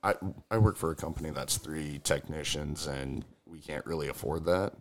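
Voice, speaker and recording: A man with an extremely deep voice, chatting casually on a podcast and making blunt, skeptical remarks. His voice has a gravelly rasp. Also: normal speed. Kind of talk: casual chat.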